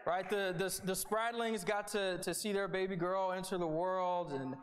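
A young man preaching a sermon in an easygoing, conversational way. His voice sits fairly high for a man, and he sounds earnest as he talks to the congregation. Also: steady tone, moderate pace. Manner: conversational, earnest, with repeated starts and "right?" asides.

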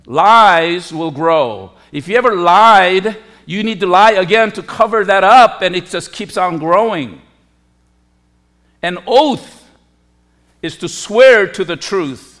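A pastor with a high voice preaches expressively and slowly, lingering over each phrase. He builds emphatically to forceful peaks on key words, then drops low and quiet. He has lived in Korea.

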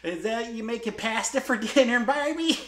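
A woman's voice: on the high side, normal speed, background noise, voice pushed up, lightly acted. A man imitating his elderly great-aunt, in a roomy space. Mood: doting. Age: older. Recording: roomy room.

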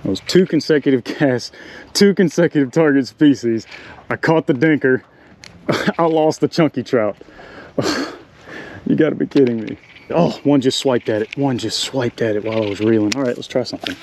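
A man, chatting excitedly to the camera while fishing in a marsh from a small boat. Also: medium pitch, moderate pace, a little hiss or hum. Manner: excitable, talks to the animals and the viewers. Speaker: fishing vlogger. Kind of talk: casual running commentary while fishing. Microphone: action camera mic.

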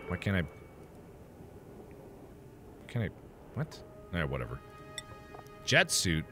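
A man giving theatrical let's play commentary, swinging between muttering to himself and loud, melodramatic outbursts. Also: deep voice, huge pitch swings, takes it slowly, pauses often, over music. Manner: playful, melodramatic self-talk. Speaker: gameplay commentator.

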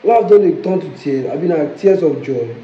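A man's voice: fairly high pitch, animated, normal speed. A man, coaxing and soothing his wife in casual late-night talk. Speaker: husband. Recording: echoey, muffled phone video with loud noise.

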